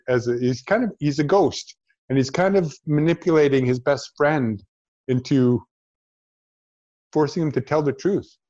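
A man, an actor, telling a personal story in an interview, reflective and halting, with frequent restarts. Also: medium pitch, a little mellow, highs cut off. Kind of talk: storytelling in conversation.

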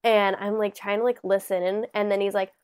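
A young woman co-hosting a podcast, telling a story in a casual, animated way, full of "like" and acted-out quotes. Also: mid-range voice, a little fast, clear, resonant tone. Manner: animated storyteller, lots of "like", acts out overheard lines. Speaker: podcast co-host. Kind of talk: casual chat.

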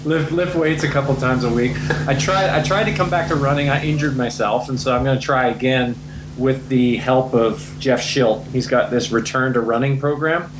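A man being interviewed as an endurance athlete, answering in a relaxed, self-deprecating way. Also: mid-range voice, normal speed, reverberant, noisy background.

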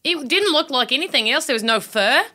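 A woman with a high, bright voice that leaps around lively as she performs improv. She fires off insistent questions and pushes back in the scene. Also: a little fast. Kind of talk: improv comedy.

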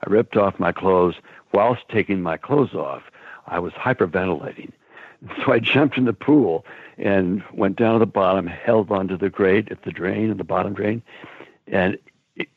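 Husky older man on a tinny phone line. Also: deep voice, moderate pace, dry recording. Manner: rambling, laughs often, acts out quotes. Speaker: guest. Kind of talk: casual storytelling.

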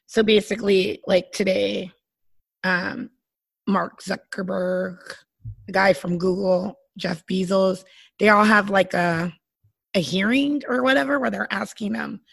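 A woman co-hosting a podcast in casual chat, her voice hoarse and husky, deeper than usual; she rambles loosely and drops to a whisper for asides. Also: steady tone, a little slow, dry recording. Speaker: podcast co-host.

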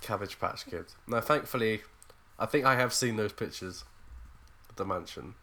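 A man's voice: fairly low pitch, moderate pace, pushed and bright. An English man co-hosting a podcast, chatting casually and joking, laughing often. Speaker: podcast co-host. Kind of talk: casual chat.

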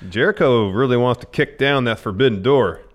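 A man's voice: medium pitch, fairly quick. A man co-hosting a podcast in casual chat, dry and laid-back, reading quoted reports. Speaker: podcast co-host.

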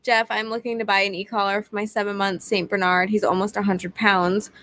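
A woman co-hosting a live stream, reading viewer questions aloud in a plain, even way. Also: medium pitch, fairly quick.

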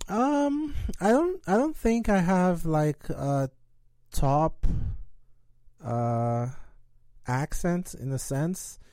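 A man's voice: on the high side, animated, drawn-out words, warm tone, no echo. A man from Nigeria co-hosting a casual podcast chat, teasing and hesitant, with many fillers. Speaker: podcast co-host.

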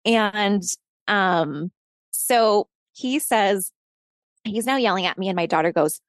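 A woman in her thirties tells a tense personal story in a casual interview, lively and profane, often laughing and acting out shouted lines. Her voice sits in a middle register. The sound is dry and close, with no room around it. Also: medium pitch, slow pace, no room sound. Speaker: podcast host telling a personal story as interview guest.

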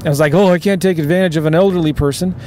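Emphatic man coaching, slightly high voice. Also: racing, darkish tone, slight background noise. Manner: emphatic, urgent, keeps asking "right?". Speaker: real estate investing coach. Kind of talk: motivational pep talk.

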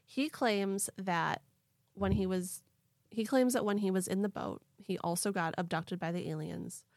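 Young woman podcast host, chatty n animated, says like a lot, dry close mic. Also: medium pitch, unhurried, no room sound. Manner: animated, laughing, lots of "like". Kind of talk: casual storytelling chat.

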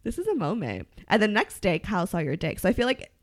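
A woman co-hosting a casual chat show, tipsy, giggly and excitable as she retells a story. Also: mid-range voice, quick pace. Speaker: podcast co-host.

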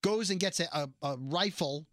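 A man hosting a casual podcast from a radio studio, telling stories in a lively, chatty way. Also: on the high side, normal speed, dry recording. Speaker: radio morning-show host, podcast host.

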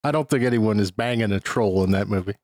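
A man's voice: on the low side, quick pace, darkish tone, dry recording, clean studio sound. Wry, profane man ranting about a film. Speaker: podcast co-host. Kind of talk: casual film review chat.

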